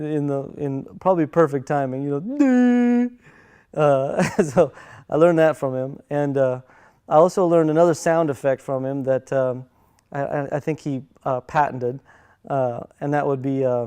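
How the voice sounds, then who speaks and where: Middle-aged guy telling family stories, smooth voice, lots of uhs and restarts. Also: medium pitch. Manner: halting, many fillers and restarts, soft-spoken. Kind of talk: casual personal storytelling.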